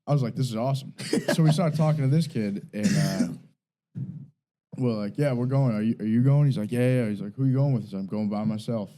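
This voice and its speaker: A New England man co-hosts a podcast, talking briskly in a mid-range voice on a rough recording. In casual chat he tells animated stories, swearing and laughing.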